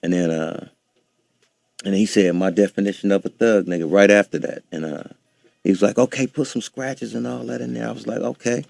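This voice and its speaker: A man with a low, gravelly voice recalls a studio session in an unhurried, halting way, full of fillers. The sound is dry and close-miked. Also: fairly even intonation, a little mellow, no room sound. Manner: laid-back, halting with fillers. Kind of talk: interview recollection.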